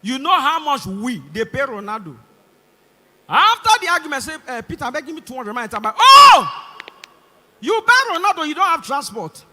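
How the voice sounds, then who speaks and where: A young man with a Nigerian English accent performing a stand-up comedy routine on a concert stage, animated and acting out voices. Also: very high voice, a little fast, a little hiss or hum. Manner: animated, acts out voices and shouts. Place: large concert hall stage. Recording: live concert hall reverb.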